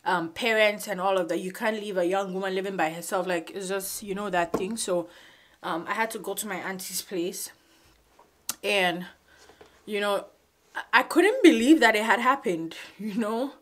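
A woman in her twenties telling a personal story in a vlog, halting and emotional, fighting back tears. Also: medium pitch, fairly even intonation. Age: 20s. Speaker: vlogger. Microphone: phone camera.

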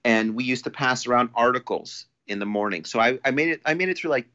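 A man's voice: mid-range voice, fast. Rambling man telling a story, lo-fi. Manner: rambling, many restarts, animated when quoting. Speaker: podcast guest. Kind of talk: casual storytelling. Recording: dull lo-fi audio.

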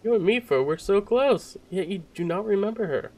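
A man reading game dialogue aloud as a huge, warm old fish-folk king, speaking in a grand, theatrical way. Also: high-pitched, expressive, moderate pace, voice pushed up. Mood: pleading.

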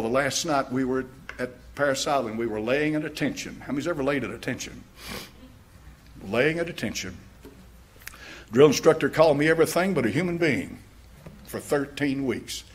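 A man's voice: medium pitch, slight background noise. An older American man, a pastor, preaching a sermon with stories and fervent questions. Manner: storytelling, rising to fervent questions, laughing at own stories.

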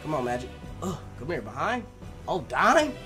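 A man hosting a basketball reaction video, excitable and full of slang, always asking if you know what he means. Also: on the high side, normal speed, over music. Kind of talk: casual reaction commentary.

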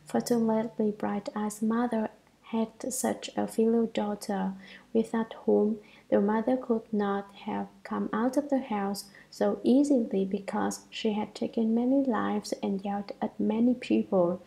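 A woman reads a Buddhist sutra commentary aloud, taking it at a measured, deliberate pace. Her voice is dark and mellow, with a steady gravelly fry running through it. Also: medium pitch, poor audio.

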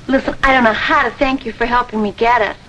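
A woman's voice: fairly high pitch, fairly even intonation, quick pace, pushed and bright. An actress playing a nervous, ditzy young waitress on her first day in a 1970s TV sitcom. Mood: flustered. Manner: ditzy, flustered. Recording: noisy old TV broadcast recording.

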